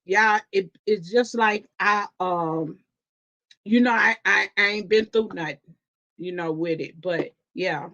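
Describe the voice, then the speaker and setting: A woman hosting a live stream from home, chatting casually with viewers in a chatty, animated way with lots of restarts. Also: medium pitch, slow pace. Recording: dull lo-fi stream audio.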